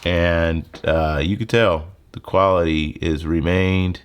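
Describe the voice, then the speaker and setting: Deep-voiced man giving a casual tech tutorial. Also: slow pace, clean tone. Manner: relaxed, conversational, lots of fillers. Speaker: tech video creator. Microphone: handheld phone mic.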